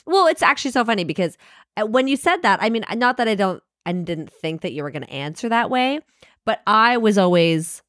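Lively, frank woman podcast co-host. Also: medium pitch, brisk, dry recording, studio quality. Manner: chatty, frank and playful. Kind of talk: casual chat.

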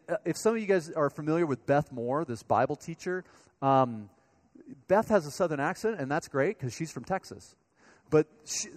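Man preaching in a chatty, personal way. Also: a little high. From Colorado, USA. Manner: conversational storytelling, speaking directly to the congregation. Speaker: pastor. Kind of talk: sermon.

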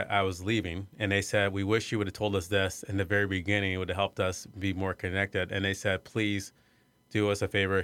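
A middle-aged man from Iowa telling a personal story in an interview, soft-spoken and hesitant, with many fillers and restarts. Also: low-pitched, clean tone, no echo. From Iowa, USA. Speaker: arts center executive director.

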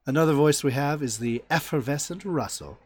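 A man's voice: a little high, fairly quick, over a noisy crowd. A man hosting a casual podcast, introducing guests and laughing often. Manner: laughing, lively. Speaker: podcast host. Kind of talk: casual chat.

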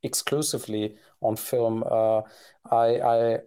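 A man's voice: mid-range voice, little pitch movement, slow pace, warm tone, smooth. A man co-hosting a podcast in casual conversation, talking hesitantly with many fillers and restarts. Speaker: podcast co-host.

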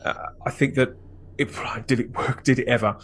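A man hosting a fan podcast, talking in a wordy, reflective way with animated bursts. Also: mid-range voice, moderate pace. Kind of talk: casual chat and reflective narration.

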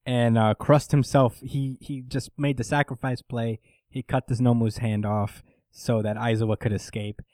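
A man co-hosting a casual manga chat, talking in an animated way, swearing often and acting out characters' lines. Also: mid-range voice, normal speed, no echo. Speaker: podcast co-host recapping manga.

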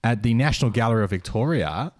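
A man hosting a comedy podcast, setting up jokes in a dry, deadpan way. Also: medium pitch, fast talker. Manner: dry, deadpan comic setups. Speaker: podcast host. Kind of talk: casual comedic chat.

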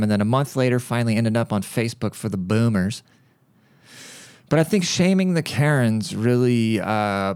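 A man's voice: lowish voice, clean tone, no echo, clean studio sound. A man hosting his own podcast, telling stories in a blunt, profane, ranting monologue. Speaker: podcast host.

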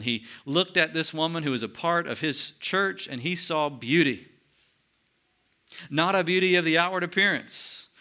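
A male pastor preaching a sermon in an earnest tone, slowing down and dropping quiet for emphasis. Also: a little high.

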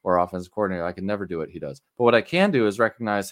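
A man co-hosting a podcast, chatting casually and ranting with animated exasperation. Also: lowish voice, very fast, no room sound, clean studio sound. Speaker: podcast co-host. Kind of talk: casual chat.

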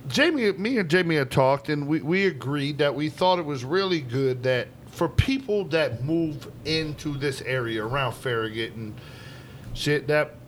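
Guy rambling shop stories, cussing and laughing, kinda high voice, light hiss behind. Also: fairly bright tone. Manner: profane, laughing storyteller. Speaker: podcast guest and pizza shop manager. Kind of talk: casual chat storytelling.

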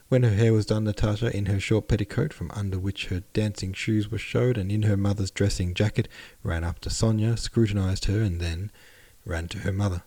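A man's voice: fairly low pitch, fairly even intonation, moderate pace, few pauses, dark tone, slightly rough. A man narrating a classic novel aloud on his podcast, plainly and evenly, stopping to correct his own slips. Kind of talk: audiobook narration.

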